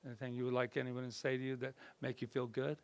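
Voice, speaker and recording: A man leading a workshop as a minister, talking conversationally with the group and then guiding them through a slow, soothing meditation in a room. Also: mid-range voice. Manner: lively and conversational, softening into slow soothing guidance. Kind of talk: workshop talk and guided meditation. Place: indoor group session room.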